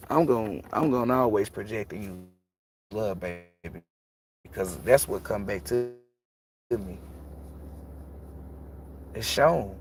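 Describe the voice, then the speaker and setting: A man who reads tarot, talking bluntly and casually on a livestream and preaching about energy with plenty of swearing. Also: medium pitch. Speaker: tarot reader.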